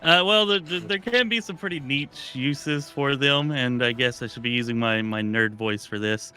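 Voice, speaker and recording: A man hosting a casual gaming podcast, talking in a relaxed, rambling way with many fillers and restarts. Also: medium pitch, moderate pace. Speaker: podcast host.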